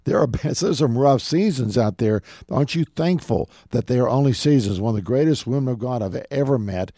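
A man's voice: medium pitch, lively intonation, a little fast, dark tone, no room sound, studio quality. A middle-aged man preaching a radio sermon, earnestly and directly calling his listeners "folks". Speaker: radio show host and preacher.

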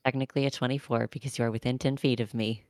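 A woman's voice: extremely low pitch, steady tone, rapid-fire, a little mellow, no room sound, studio quality. A woman playing a tabletop game casually, matter-of-fact about the rules. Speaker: player.

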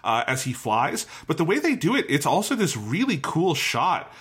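A man co-hosting a film podcast, talking in a lively, casual way and swearing freely. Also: fairly high pitch, moderate pace. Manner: animated, chatty, swears freely. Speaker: podcast co-host. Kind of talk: casual film review chat.

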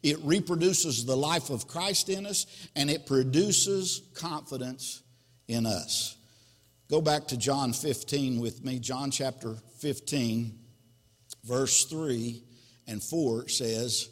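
A man's voice: mid-range voice, slow. A male pastor preaching a sermon, reading scripture verses and explaining them. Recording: long hall reverb.

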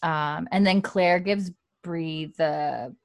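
Low-voiced young woman recapping a show. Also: slow, creaky, no room sound. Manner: chatty, heavy on "like" fillers, acts out the characters' lines. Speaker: podcast host. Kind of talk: casual TV episode recap.

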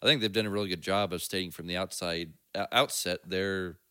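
A man's voice: sits low, fairly even intonation, a little fast, bright, forceful tone, smooth, no room sound, clean studio sound. A man co-hosting a casual faith podcast, telling stories with plenty of fillers and easy laughs. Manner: storytelling, laughs easily, trails off with fillers. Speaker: podcast co-host. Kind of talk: casual chat.

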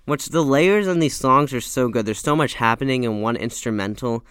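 A man's voice: medium pitch, normal speed, a bit bright, clean tone, no room sound, clean studio sound. Eager rambling man reviewing an album. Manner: enthusiastic, rambling, self-correcting. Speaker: music reviewer. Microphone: studio mic with pop filter.

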